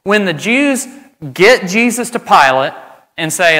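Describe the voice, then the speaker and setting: Bright-voiced pastor in a church hall. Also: male voice, high-pitched, sing-song, measured pace. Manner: earnest and emphatic, speeding up when explaining. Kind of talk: sermon with scripture reading. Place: church sanctuary.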